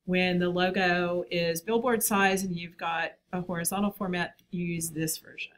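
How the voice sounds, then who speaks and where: A woman's voice: lowish voice, fairly even intonation, moderate pace. A woman teaching a design class, talking in a chatty, enthusiastic way. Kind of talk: classroom lecture.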